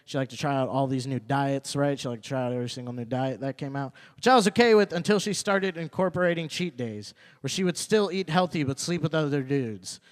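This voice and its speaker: A young man performing a stand-up set at an open mic, repeating his punchlines and working up to loud, indignant rants. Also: mid-range voice, brisk, hardly any pauses. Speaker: stand-up comedian. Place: open mic comedy night venue.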